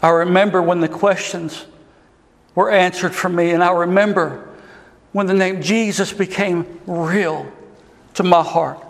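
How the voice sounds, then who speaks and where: A man preaches with impassioned, swelling delivery, his voice pitched high for a man. The sound rings with a long hall reverb. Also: steady tone, unhurried, gravelly. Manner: impassioned, rising and falling delivery. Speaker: pastor. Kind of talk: sermon.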